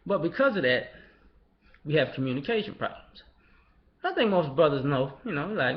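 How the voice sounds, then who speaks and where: A man's voice: fairly high pitch, very animated, normal speed, long pauses, slight background noise. A man giving a casual, blunt, profane monologue, sometimes mocking others in put-on voices. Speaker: commentator. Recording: dull lo-fi recording.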